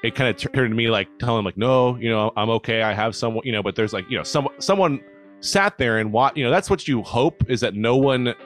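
A man's voice: medium pitch, a little fast, soft background music. A man telling a story in casual chat, rambling with lots of fillers and swearing.

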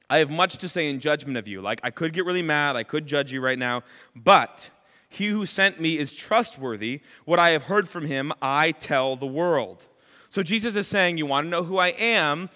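A man preaching a sermon in an animated way, acting out lines of dialogue as he goes. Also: fairly high pitch, big-room sound.

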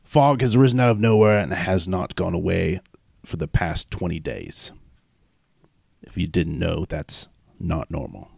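A man's voice: sits low, expressive, vocal fry, a little mellow, breathy edge, no room sound, clean studio sound. Laid-back man running a tabletop game. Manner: halting with fillers, laughing often. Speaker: game master.

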